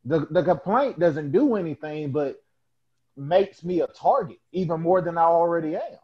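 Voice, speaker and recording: A man's voice: a little high, lively intonation, normal speed. A man on a podcast earnestly arguing a point in casual talk. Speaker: podcast co-host. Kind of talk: casual conversation. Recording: dull lo-fi podcast audio.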